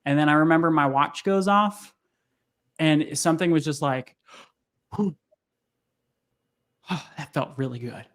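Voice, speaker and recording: A young man, a podcast guest, telling a personal story in casual conversation, acting out what people said in a raised voice. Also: moderate pace. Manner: animated, acts out quotes in high voices. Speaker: podcast guest, sales coach.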